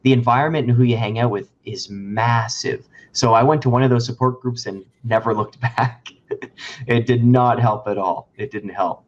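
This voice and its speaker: A man's voice: mid-range voice, normal speed, muffled recording. A man speaking as a podcast guest, candid and reflective in casual conversation. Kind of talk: casual interview chat.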